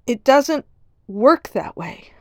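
A woman's voice: fairly high pitch, very animated, takes it slowly, no room sound, studio quality. A woman giving an earnest religious lesson, telling a parable in a storytelling manner. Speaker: Torah teacher.

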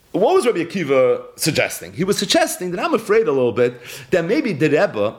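A man giving a Talmud lesson in English, mixing in Hebrew and Yiddish terms and telling the story with animated swings of voice. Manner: animated, swings between high and low when telling the story. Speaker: Talmud teacher. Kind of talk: Talmud lecture.

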